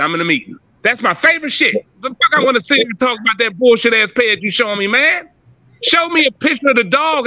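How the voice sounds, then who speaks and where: A man's voice: extremely high pitch, no echo. An older man co-hosting a podcast, ranting with profane, emphatic passion in casual talk. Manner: profane, emphatic, animated rant. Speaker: podcast co-host.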